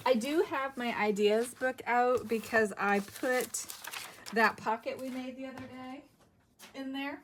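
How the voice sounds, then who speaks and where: A woman's voice: high-pitched, a little slow, slight background noise. A middle-aged woman hosting a craft video, chatting casually and thinking aloud as she works. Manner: chatty, giggly, thinks aloud while working. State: a bit winded.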